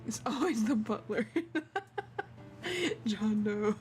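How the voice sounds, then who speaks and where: A woman's voice: mid-range voice, expressive, extremely slow, soft background music. A woman streamer giving chatty, giggly commentary while playing a game. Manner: giggly, chatty, laughs often.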